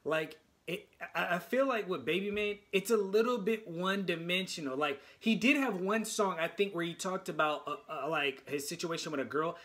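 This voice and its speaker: Excited high-voiced man rambling. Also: moderate pace, few pauses. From United States. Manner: excited, rambling, stumbles over words. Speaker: music reaction YouTuber. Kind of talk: casual reaction commentary.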